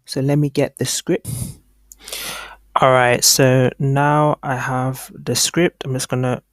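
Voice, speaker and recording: A male course instructor talks slowly through a screen-recorded software lesson, thinking aloud with many ums and restarts. His mid-range voice shows little pitch movement, and the clean studio recording has no room sound.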